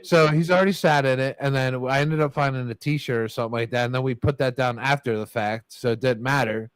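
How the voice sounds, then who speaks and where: A man's voice: mid-range voice, fairly even intonation, a little fast, smooth, no echo. A man telling a rambling, profane story to friends, laughing his way through it. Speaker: storyteller in a group chat. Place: bar or podcast table with friends.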